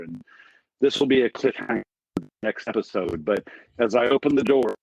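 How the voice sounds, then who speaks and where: Gravelly-voiced man telling rambling stories. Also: mid-range voice, darkish tone, no echo, poor audio. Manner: rambling storyteller, crude humor. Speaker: podcast host, pest control veteran. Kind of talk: casual podcast chat.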